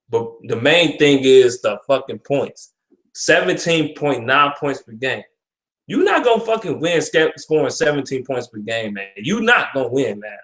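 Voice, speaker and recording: A man's voice: medium pitch, fairly bright tone. A young man ranting with frustration about his football team, profane and repetitive. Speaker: sports fan vlogger. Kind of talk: ranting sports commentary. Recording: echoey room.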